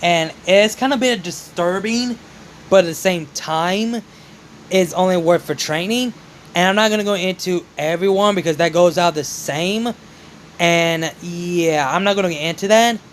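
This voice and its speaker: A man's voice: high voice, moderate pace, slight background noise, rough recording. A young man casually narrating his own fan-made story, rambling and correcting himself often. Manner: rambling, repeats "just", self-corrects.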